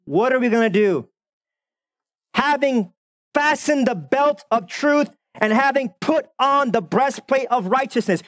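A man preaching a sermon as the pastor, animated and sarcastic, often repeating words as he builds up. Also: extremely high pitch, unhurried.

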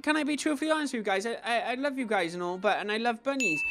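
A man hosting his own gaming channel, giving chatty gameplay commentary that swings between low mumbling and excited squeals. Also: fast talker, few pauses. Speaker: YouTube gaming channel host. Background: faint background music.

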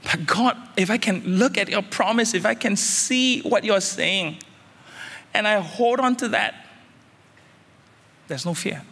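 A man preaching a sermon as senior pastor, emphatic, repeating phrases and climbing suddenly louder. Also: high voice, a little slow, vocal fry, long pauses, husky, big-room sound.

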